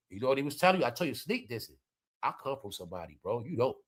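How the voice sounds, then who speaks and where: A man giving animated, slangy casual commentary, often turning to his viewers. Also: medium pitch, very fast. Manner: animated, slangy, keeps addressing the audience. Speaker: commentary vlogger.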